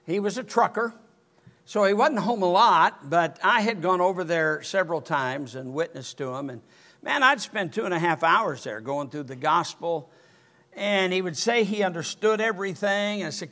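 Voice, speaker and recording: An older man preaching a sermon, telling a story in an animated way and rising to near-shouts. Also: high-pitched, normal speed. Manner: animated, rises to near-shouting when excited. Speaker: pastor.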